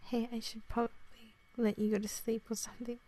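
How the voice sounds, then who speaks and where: A woman in her twenties with an Australian accent, in a whispered role-play, talking softly to the listener, rambling and apologizing. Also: a little high, little pitch movement, brisk. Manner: soft-spoken, rambling, apologetic.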